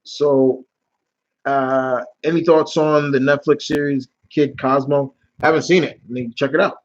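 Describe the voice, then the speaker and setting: A man's voice: mid-range voice, unhurried, lo-fi sound. A man hosting a live question-and-answer stream, chatting casually and telling rambling stories full of slang. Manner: rambling, animated storytelling with slang and restarts. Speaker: YouTube channel host answering live chat questions.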